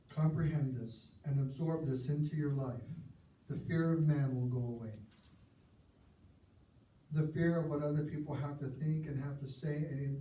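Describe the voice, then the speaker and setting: Man preaching in an echoey church hall. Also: dark tone. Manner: earnest and conversational, drops his voice low for emphasis. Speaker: pastor. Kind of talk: sermon. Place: church sanctuary. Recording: echoey church hall, mic at a distance, faint hiss.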